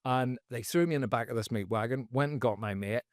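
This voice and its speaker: Man, comedy guest, lively storyteller; dry close sound, mid-pitched voice. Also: fairly quick, no echo. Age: adult, former teacher. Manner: animated, jumps into loud high voices for quoted people. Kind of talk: casual storytelling.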